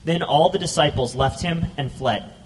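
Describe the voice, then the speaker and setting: Man reading scripture in a breathy voice. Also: a little high, normal speed, long reverb tail. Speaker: scripture reader.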